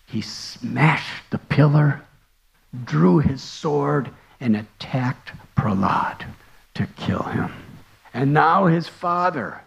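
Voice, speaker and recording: A man, a monk and spiritual teacher, telling a devotional story in a sermon with slow, earnest, dramatic delivery. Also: on the high side, gravelly, rough recording.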